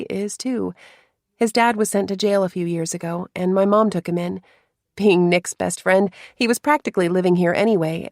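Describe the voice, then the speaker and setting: A woman narrating a first-person romance story in a soft, confiding way, with hushed asides. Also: medium pitch, no echo, clean studio sound.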